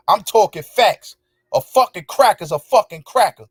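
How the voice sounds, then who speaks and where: A male show host with a high-pitched, slightly rough voice and lively intonation rants angrily back at viewers at a normal speed, swearing heavily and hammering his points by repeating them. The recording is dry, with clean studio sound.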